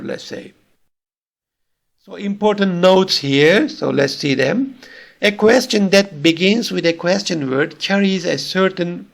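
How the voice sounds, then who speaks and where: A man's voice: a little high, gravelly. A man giving a recorded university lecture, explaining patiently with frequent fillers.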